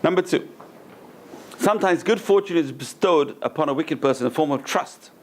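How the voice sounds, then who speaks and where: A man's voice: a little high, brisk, a little hiss or hum. A man, a rabbi, giving a Torah class, telling stories animatedly and repeating phrases for emphasis. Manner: animated storyteller, repeats phrases, acts out quoted voices. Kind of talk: Torah class lecture with storytelling.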